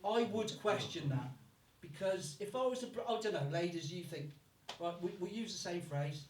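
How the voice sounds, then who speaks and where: Recorded at a distance in an echoey comedy club with slight background noise, this Birmingham comic delivers his stand-up a little fast. His male voice sits high, and he swears freely and mimics accents.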